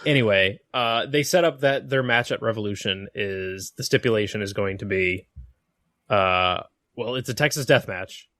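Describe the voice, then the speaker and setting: A man's voice: fairly low pitch, normal speed, a bit bright, no room sound, clean studio sound. A man co-hosting a casual wrestling podcast, opinionated and mocking, sometimes mimicking wrestlers mid-rant. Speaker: podcast co-host.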